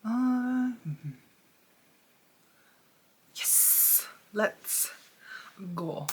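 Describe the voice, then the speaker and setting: A young woman hosting a music reaction video, excitable and then softly confessional, talking at home. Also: on the high side, drawn-out words, husky. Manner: excitable, swings to soft confessional talk. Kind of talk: casual reaction commentary.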